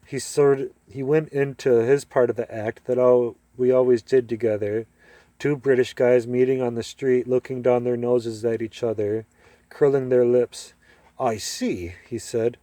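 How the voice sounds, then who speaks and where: A man reads a short story aloud in a mellow, warm voice. He tells it expressively and shifts into the characters' lines. The recording is dry and close, with no room sound. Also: medium pitch, moderate pace, dry recording. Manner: expressive, acts out dialogue. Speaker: reader.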